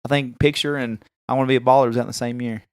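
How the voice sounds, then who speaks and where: 30s guy on a podcast telling a long story, mid-pitch, dry close sound. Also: fairly even intonation, rapid-fire, clean tone, dry recording. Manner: rambling anecdotes acting out quoted voices. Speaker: podcast co-host. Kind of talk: casual storytelling chat.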